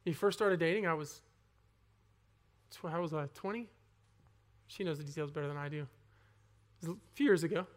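A young man giving a personal testimony sermon to a congregation, earnest and conversational, with halting restarts, rising to loud emphasis and dropping to soft asides. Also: fairly high pitch. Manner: earnest, swings between loud emphasis and near-whispered asides. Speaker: preacher.

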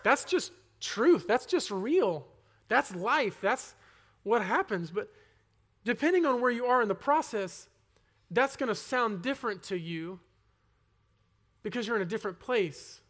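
A young man giving a personal testimony sermon to a congregation, earnest and conversational, with halting restarts, rising to loud emphasis and dropping to soft asides. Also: high-pitched, expressive. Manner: earnest, swings between loud emphasis and near-whispered asides. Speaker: preacher.

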